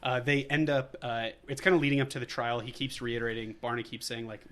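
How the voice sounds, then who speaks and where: A man's voice: medium pitch, little pitch movement, quick pace, a bit bright. A man co-hosting a podcast, recapping a movie in casual chat, rambling loosely with lots of fillers and frequent laughter. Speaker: podcast co-host.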